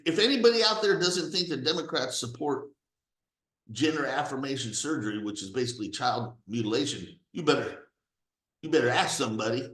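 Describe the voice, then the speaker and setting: A man's voice: fairly high pitch, a bit bright. Angry ranting man in an echoey room. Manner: angry, profane, emphatic. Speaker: political commentator. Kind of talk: ranting political commentary.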